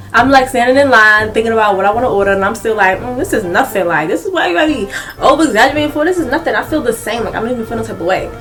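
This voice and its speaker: A young adult woman telling a casual story-time vlog, animated and laughing a lot as she talks. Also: a little high. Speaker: vlogger.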